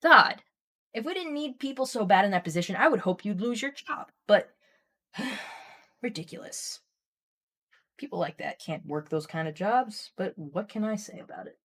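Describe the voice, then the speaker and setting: A woman streamer chatting casually and telling a long story, getting animated and worked up as she rambles. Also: mid-range voice, moderate pace.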